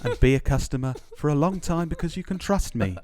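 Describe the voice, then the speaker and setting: A man voicing a folksy advert announcer who pitches a product to elderly people in a chummy, rambling sales patter. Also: expressive, brisk, darkish tone, slight background noise, lightly acted.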